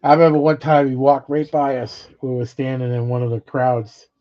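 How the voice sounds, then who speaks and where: Over dull lo-fi audio, a middle-aged man vlogs in a mid-range voice with fairly even intonation and normal speed. He rambles casually through old stories, swearing without restraint and laughing between tales.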